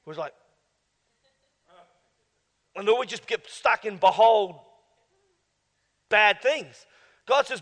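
A male pastor preaching emphatically, swinging between hushed asides and loud exclamations. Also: sits high, animated, slow pace, long pauses. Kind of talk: sermon. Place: church. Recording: long church hall reverb.

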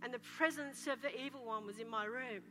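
A woman pastor preaching a passionate sermon, telling dramatic stories and breaking into shouts of praise in a church. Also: on the high side, fairly quick. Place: church hall. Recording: reverberant hall with soft music.

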